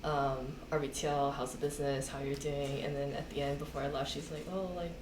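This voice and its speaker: A woman's voice: extremely low pitch, level tone, fairly quick. A young woman co-hosting a podcast, chatting casually with many fillers and retelling what friends said. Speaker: podcast co-host. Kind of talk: casual chat. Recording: echoey room, faint noise.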